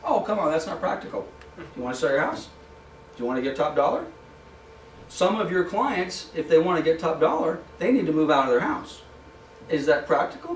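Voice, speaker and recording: In an office training room, a man with a slightly high voice teaches a live real estate class, animatedly acting out short exchanges with clients and sellers in shifting voices. The mic sits at a distance in an echoey room, and there's a little hiss or hum.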